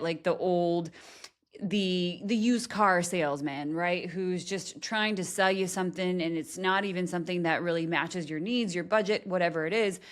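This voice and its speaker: A woman hosting a podcast interview, energetic and chatty, often tagging her points with "right?". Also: fairly low pitch. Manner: energetic, frequent "right?" tags, laughs often. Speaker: podcast host.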